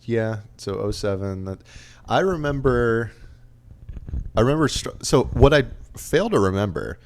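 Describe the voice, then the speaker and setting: Co-hosting a podcast, a man in his late twenties chats casually while reading out album stats and review quotes. He speaks a little slowly in an expressive, mid-range voice, with slight background noise.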